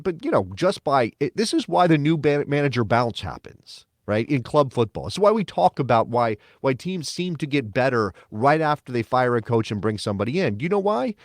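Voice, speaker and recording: A man co-hosting a casual sports podcast, talking in an animated, emphatic and sarcastic way. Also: mid-range voice, no echo, clean studio sound. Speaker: podcast co-host.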